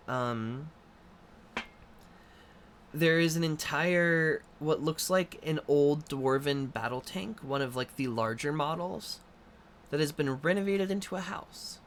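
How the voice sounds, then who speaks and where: A man's voice: on the high side, measured pace, a little hiss or hum. A man narrating a tabletop game as game master, loosely describing scenes with many ums and likes.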